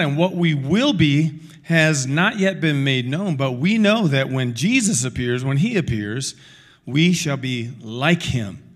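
A middle-aged man delivers a sermon with animated, conversational energy. His voice sits somewhat high for a man, and he often breaks off to talk straight to the congregation. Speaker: pastor.

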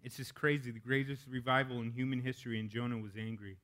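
A man's voice: medium pitch, fairly even intonation, fast, a bit bright. Casual, candid male preacher. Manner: casual and candid, joking asides. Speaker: pastor. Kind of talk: sermon.

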